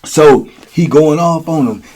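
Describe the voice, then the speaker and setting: A man with a somewhat high voice tells prison stories in a loose, casual monologue. He talks in street slang and keeps checking in with his listeners as he goes. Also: unhurried, darkish tone. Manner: streetwise slang, frequent "you know what I'm saying". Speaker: host telling prison stories.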